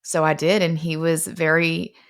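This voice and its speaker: A young woman, founder of a fitness company, telling her personal story in an earnest, confessional way, slowing down on emotional points. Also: deep voice, level tone, smooth.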